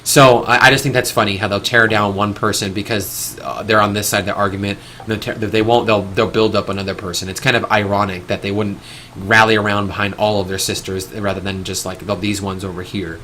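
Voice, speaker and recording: A man with a bright, forceful voice hosts a live stream. He talks in an opinionated, rambling way. He restarts his sentences often and swears casually. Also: fairly low pitch, level tone, fairly quick, slight background noise.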